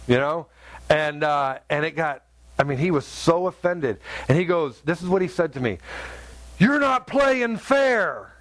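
Preaching a sermon, a man recounts a personal story haltingly and conversationally, full of fillers, before rising into fervent exhortation. His pitch is fairly high, and there's no echo.

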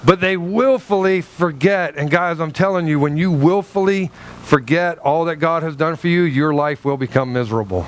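A male pastor preaching a sermon in an animated way, acting out little dialogues with God. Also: on the high side, moderate pace, slight background noise.

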